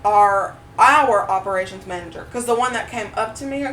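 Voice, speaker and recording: A woman co-hosting a podcast, telling a story in a casual, animated way, swearing freely and acting out what others said. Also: medium pitch, moderate pace. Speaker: podcast co-host. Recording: roomy echo, mic at a distance, faint noise.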